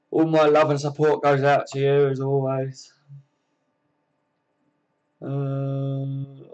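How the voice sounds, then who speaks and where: A man's voice: mid-range voice, creaky, darkish tone. A man hosting a casual livestream from home, reading viewer comments and chatting in a friendly way, calling everyone mate. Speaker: livestream host.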